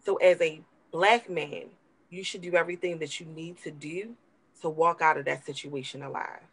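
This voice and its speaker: A woman's voice: low-pitched, fairly even intonation, moderate pace, husky, low-quality recording. A woman co-hosting a talk show, giving impassioned, emphatic commentary and repeating words for emphasis while emotional.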